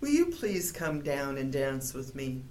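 A woman's voice: rumbling low, a little slow, slight background noise, pitched below the performer's own voice, heavily acted. Woman voicing an eager, wistful young bear. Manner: eager, excitable calls.

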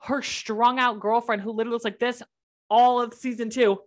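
A woman's voice: on the high side, flat delivery, normal speed. A woman co-hosting a casual podcast chat, blunt and opinionated, swearing freely. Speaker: podcast co-host.

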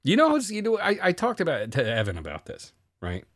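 A man's voice: on the high side, wildly swooping pitch, quick pace, a bit bright, no room sound, clean studio sound. A man co-hosting a podcast in casual chat, ranting sarcastically and swearing a lot. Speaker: podcast co-host.

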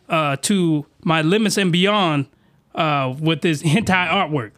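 A man hosting a comedy podcast, talking in an animated, incredulous, slangy way. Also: on the high side, takes it slowly. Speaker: podcast host.

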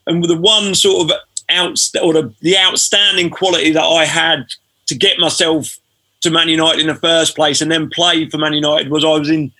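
A man, a former footballer telling stories as a podcast guest in a relaxed way. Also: on the high side, moderate pace. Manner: relaxed storytelling, frequent fillers. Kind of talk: casual podcast interview.

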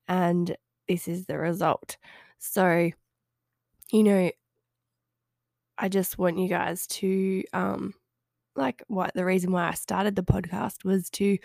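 A woman's voice: fairly low pitch, gravelly, a little mellow, dry recording, studio quality. A woman hosting a casual solo podcast, speaking in a nasal voice with a stuffy head cold, hesitant and rambling but friendly. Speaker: podcast host and health coach.

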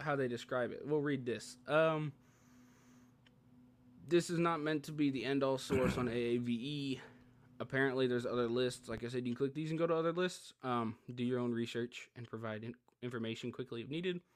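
Animated young man arguing on a podcast. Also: medium pitch. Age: young adult. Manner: animated, reads from a page and argues back. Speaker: podcast co-host. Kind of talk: casual podcast chat.

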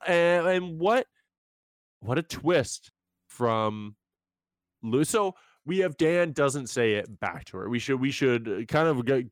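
A young man co-hosting a podcast, chatting casually and rambling in an animated, self-mocking way. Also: medium pitch, takes it slowly, dry recording. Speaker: podcast co-host. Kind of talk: casual recap chat.

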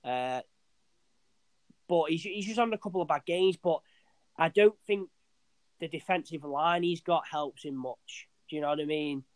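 Young man, slightly high voice, dry close sound, rambling, sweary football chat. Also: normal speed, pauses often, dry recording. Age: young adult. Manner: rambling, sweary, restarts often, says "mate".

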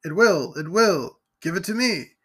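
A man reading aloud and voicing a bold middle-aged man who gives urgent, shouted orders. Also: high voice, animated, unhurried, husky, full character voice.

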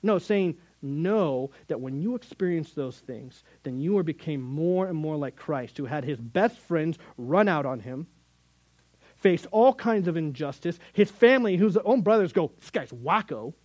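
A man's voice: fairly high pitch, animated, measured pace, a little mellow, no room sound, poor audio. A middle-aged man preaching a sermon as a youth Bible teacher, earnest and conversational, with sudden emphatic rises.

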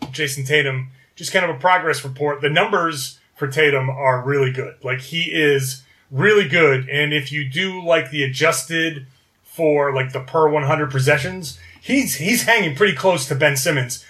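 A man's voice: a little high, moderate pace, bright, forceful tone. A man co-hosting a casual sports podcast, running through stats and correcting himself as he goes. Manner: reads off stats, self-correcting. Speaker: podcast co-host.

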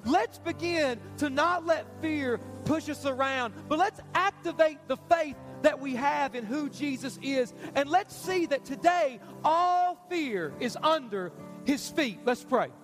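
Pastor guy pleading over and over from the stage, real high voice. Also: expressive, unhurried, a bit bright, faint music behind. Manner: urgent, repetitive, pleading preaching. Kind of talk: sermon altar call. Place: church stage.

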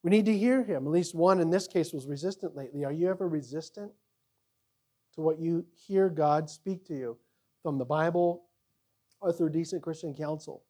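A male pastor preaching a sermon, acting out quoted voices and swinging between loud emphasis and quiet asides. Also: on the high side, normal speed.

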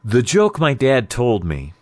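A man's voice: mid-range voice, wildly swooping pitch, takes it slowly, no room sound. A man telling a long joke in a conversational, rambling way, full of fillers. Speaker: storyteller. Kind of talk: casual spoken joke-telling.

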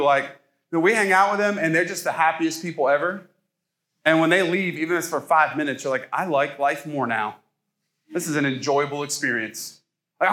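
A man's voice: a little high, fairly bright tone. A man in his thirties from Ohio, preaching a casual sermon as a pastor and joking with the congregation.

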